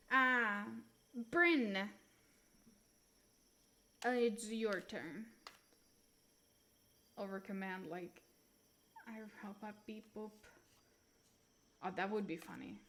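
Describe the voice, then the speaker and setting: A young woman chatting casually with her chat while reading tarot on a live stream, relaxed and swearing offhand. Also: medium pitch, slow pace, long pauses.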